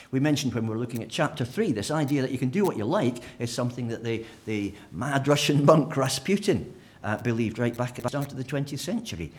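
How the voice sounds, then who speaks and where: A man preaching a Sunday sermon with a medium-pitched voice that rises and falls with great liveliness. He brings the message to life with humour, acting out what imagined people might say. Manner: animated, acts out imagined speakers with humour.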